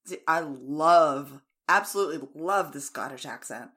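Unhurried and low-voiced with a bit of brightness, this podcast co-host from the United States talks casually. She's frank, full of opinions, and quick to laugh.

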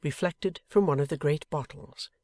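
A man reading a classic novel aloud as an audiobook narrator, in a measured, dramatic way. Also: a little high, a little mellow, no echo. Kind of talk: scripted narration.

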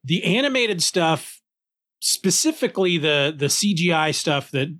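A man with a fairly high voice chatting casually on a podcast. He talks with enthusiasm and gets lively when a point excites him. He often trips over and restarts his sentences. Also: a little slow. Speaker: podcast cohost. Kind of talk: casual conversation.

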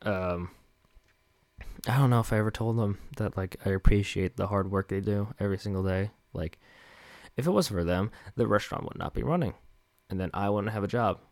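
A man's voice: lowish voice, a little fast, darkish tone, dry recording. A young man hosting a solo podcast and speaking into a handheld microphone. He rambles and mocks himself, with many fillers. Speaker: podcast host. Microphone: handheld microphone with headphones.

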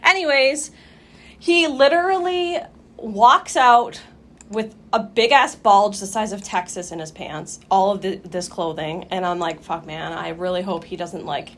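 A young woman co-hosting a podcast, telling a story in casual chat, animated, swearing freely and acting out her own reactions. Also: on the low side, normal speed, hardly any pauses. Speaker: podcast co-host.

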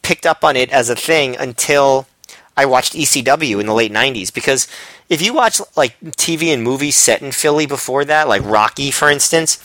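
A man's voice: mid-range voice, moderate pace, fairly bright tone, dry recording. A man co-hosting a podcast, talking casually with many fillers and restarts. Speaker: podcast co-host. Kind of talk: casual chat.

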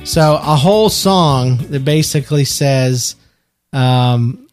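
A man's voice: mid-range voice, slow pace, soft background music. A man co-hosting a casual podcast, speaking in an earnest, reflective way. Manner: earnest, reflective, talks about faith. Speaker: podcast co-host. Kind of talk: casual chat.

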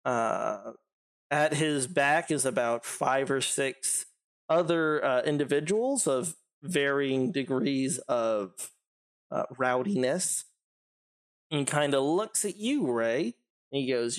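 Rambling game master, lots of fillers. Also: male voice, medium pitch, expressive, slow pace. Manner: rambling, filler-heavy, laughs easily. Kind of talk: narrating a tabletop game.

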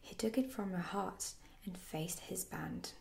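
A woman whispering a fairy tale aloud as a soft-spoken ASMR storyteller. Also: lowish voice, unhurried, vocal fry. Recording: roomy echo.

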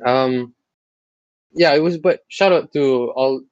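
A man hosting a podcast in casual chat, teasing and animated, with lots of fillers. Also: mid-range voice, takes it slowly, no room sound, dull audio. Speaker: podcast host.

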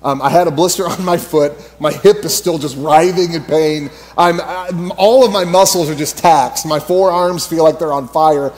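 A fairly high-voiced man speaking at church in a loose, storytelling way. He rambles, fills gaps with "uh" and "like," and breaks into laughter as he talks. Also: steady tone, moderate pace, hardly any pauses, darkish tone. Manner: rambling, laughs often, many fillers. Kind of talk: casual storytelling sermon.

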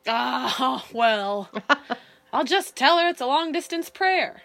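A woman's voice: high-pitched, animated, slow pace, vocal fry, a bit bright, heavily acted. An actress in a radio play voicing a playful woman who jokes and laughs about prayer.

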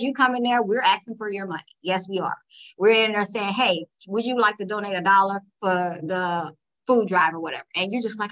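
Woman, panel guest, animated storyteller, mid-range pitch. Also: low-quality recording. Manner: animated storytelling, acting out customers' lines. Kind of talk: casual podcast discussion.

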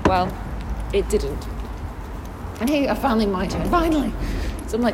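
A woman's voice: medium pitch, animated, moderate pace, heavy background noise. A young woman vlogging, telling her day in a chatty, sarcastic way. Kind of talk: casual chat.

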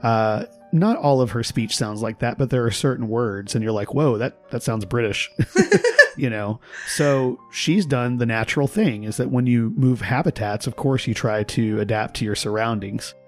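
Measured man explaining on a podcast. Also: medium pitch, a little mellow, soft background music. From Texas. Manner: explanatory, measured, laughs at his own examples. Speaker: podcast guest, linguist. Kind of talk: casual conversation.

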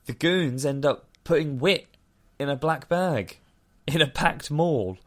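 A man's voice: fairly high pitch, takes it slowly, fairly bright tone. A man casually recapping a film plot on a podcast, rambling, laughing and swearing freely. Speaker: podcast co-host.

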